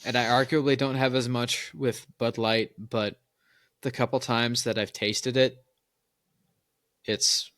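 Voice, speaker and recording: A man's voice: medium pitch, flat delivery, slow pace, pauses often, a bit bright, dry recording. Opinionated man telling stories, dry mic. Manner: opinionated storyteller, laughs at his own stories. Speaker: podcast co-host. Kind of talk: casual podcast chat.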